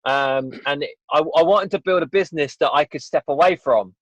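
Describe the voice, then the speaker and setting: A man's voice: on the high side, brisk, a bit bright, dry recording. Candid man, dull dry recording. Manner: rambling, candid, frequent restarts. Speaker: guest, fitness business owner. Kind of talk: casual podcast interview.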